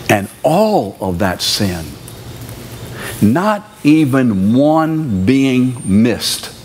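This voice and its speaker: A man's voice: on the low side, gravelly, slight background noise. A man in his seventies preaching a sermon in a church, driving his point home by repeating key words and throwing questions at the congregation. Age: 70s.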